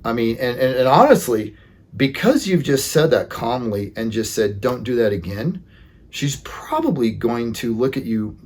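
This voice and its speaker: A man's voice: mid-range voice, animated, normal speed, a little mellow. A man hosting a video of dating advice, talking in a casual, earnest way and often saying "you know.". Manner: earnest, plain-spoken, leans on "you know" fillers.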